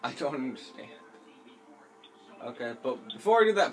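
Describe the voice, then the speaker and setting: A man's voice: medium pitch, moderate pace, soft background music. A man doing casual gaming commentary with a friend, pleading, teasing and yelping as he plays. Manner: excitable, yelps and shouts when playing. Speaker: gaming video host.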